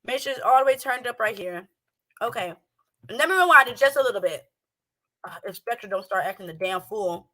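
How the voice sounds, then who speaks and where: A woman's voice: mid-range voice, lively intonation, fairly quick, pushed and bright. A woman doing casual reaction commentary at home, talking brash, profane and heated. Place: home, a townhouse. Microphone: streaming setup with speakers playing a clip.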